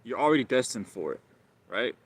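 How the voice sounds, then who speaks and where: A man's voice: mid-range voice, sing-song, fairly quick, husky, no room sound. A man hosting a live stream, talking casually and rambling, often repeating himself and calling listeners bro.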